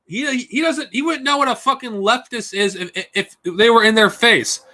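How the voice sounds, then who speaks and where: A man's voice: high-pitched, moderate pace, sharp tone. A man ranting angrily and profanely on a live stream. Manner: angry profane ranting, mocking put-on whines.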